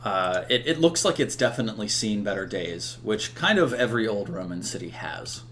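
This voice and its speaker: A man's voice: fairly low pitch, big pitch swings, normal speed, a bit bright, slight background noise. A man narrating a tabletop role-playing game as game master, rambling with many fillers.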